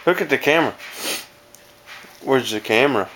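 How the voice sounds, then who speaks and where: In a noisy home video, a father coaxes his toddlers to dance and make animal sounds, laughing frequently. He has a medium-pitched, fairly bright voice with lively intonation and a moderate pace.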